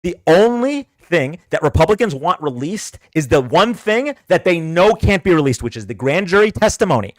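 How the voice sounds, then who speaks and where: A heated livestream political rant from a man with a fairly high-pitched voice, recorded dry. As host of the debate stream, he's combative and sarcastic, goading his viewers to join and argue.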